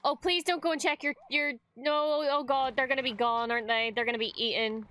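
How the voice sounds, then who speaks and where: A young woman streamer reacting to a TV episode at home, talking casually and breaking into quick, excitable exclamations. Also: high voice, clear, resonant tone. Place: home room, wrapped in a blanket.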